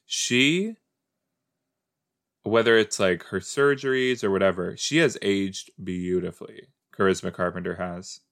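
A man's voice: sits low, unhurried, fairly bright tone. A man hosting a podcast and giving playful, rambling commentary as he rewatches a show. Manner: playful, rambling, self-mocking. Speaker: podcast host.

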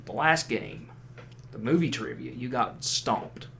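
A man's voice: medium pitch, lively intonation, measured pace, gravelly, bright, forceful tone, slight background noise. A man co-hosting a podcast, chatting casually and teasing his co-host with jokes. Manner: joking, teasing, rambling with restarts. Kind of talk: casual chat.

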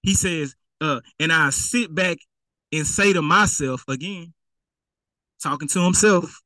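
A man preaching a casual, playful sermon, slipping into slangy voices to act out the people in his story. His tone is bright and forceful, a little higher than most men's, and the sound is close and dry with no room echo. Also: unhurried. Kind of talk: conversational sermon.

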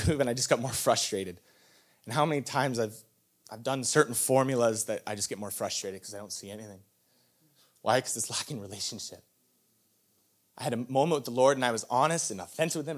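A young adult man preaching a sermon to a live church audience, telling a personal story candidly and laughing often. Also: medium pitch. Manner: candid, storytelling, self-deprecating with frequent laughs.

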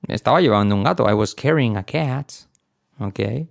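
A man's voice: medium pitch, expressive, fairly quick, vocal fry, no echo, studio quality. A man teaching English grammar in a playful, chatty way, switching between examples and humming song bits. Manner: playful, chatty, hums and sings song snippets. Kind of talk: casual grammar lesson to Spanish speakers.

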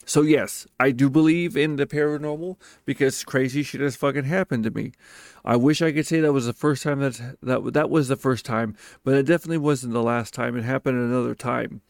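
A man's voice: medium pitch, steady tone, fairly quick, dry recording, studio quality. A profane, emphatic man telling a story. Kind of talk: casual storytelling monologue.

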